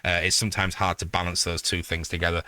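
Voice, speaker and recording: Man, forties, northeast English accent, game streamer, rambling casual chat with swearing, lowish pitch, dry close sound. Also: fast talker, no echo. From northeast England. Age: 40s. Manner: rambling, swears freely, bursts into excited greetings.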